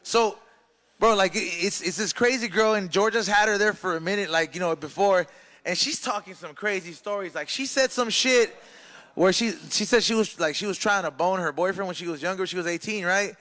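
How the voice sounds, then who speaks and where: A man's voice: sits high, a little fast, pushed and bright. A man co-hosting a podcast, telling rambling stories in casual chat full of slang and swearing. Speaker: podcast co-host.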